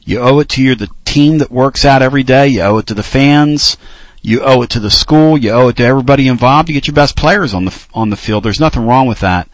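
A man hosting a casual sports talk radio show, speaking earnestly and with heartfelt pauses. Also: medium pitch, no echo, low-quality recording.

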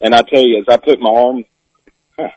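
Husky Southern caller on a tinny phone line. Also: male voice, mid-range voice, steady tone, fairly quick, a little mellow, no echo. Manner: heartfelt, emotional, chokes up. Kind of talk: phone-in chat.

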